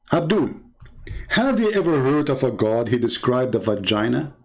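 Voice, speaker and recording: A man with an Arabic accent speaks in a mid-range voice, combative and mocking as he answers commenters on a live stream. He often restarts and repeats words, then suddenly leaps up in pitch to taunt. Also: darkish tone, low-quality recording. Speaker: livestream host reading viewer comments.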